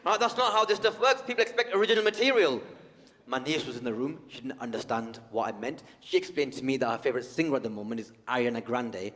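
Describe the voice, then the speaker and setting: On a large theatre stage, a male stand-up comedian from the United Kingdom talks conversationally and teases the audience. His mid-range voice is quick and slightly bright, and the recording carries a long hall reverb.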